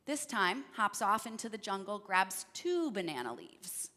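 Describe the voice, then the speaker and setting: A woman leading a church service, telling a fable gently and asking her listeners questions. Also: medium pitch, sing-song, unhurried. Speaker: worship leader. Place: church sanctuary. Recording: church hall reverb.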